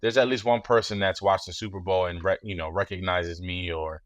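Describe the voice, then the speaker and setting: A man in his thirties, a former football player, talking as a guest in a relaxed interview, measured and reflective, often saying "you know.". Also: deep voice, no echo.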